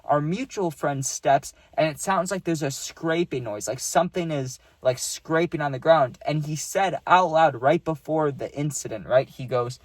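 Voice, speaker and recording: A man's voice: fairly high pitch, measured pace, hardly any pauses, no echo. A young man telling a spooky personal story in a casual, laid-back way, peppering his talk with "dude" and "right?".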